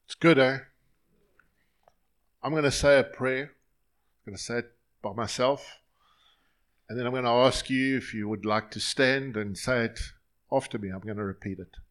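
A man's voice: mid-range voice, fairly even intonation, moderate pace, pauses often, a bit bright. A male pastor leading his congregation in an earnest, line-by-line prayer during a sermon in a church.

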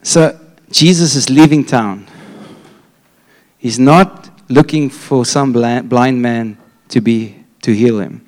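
A man preaching a sermon to a church congregation, retelling a story with animated energy and frequent restarts. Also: medium pitch, slow.

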